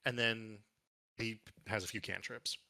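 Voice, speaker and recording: Guy game master for a tabletop game, bright tone, dry close sound, kinda hesitant thinking out loud. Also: lowish voice, steady tone, unhurried, creaky, dry recording. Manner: thinks aloud, casual and hesitant.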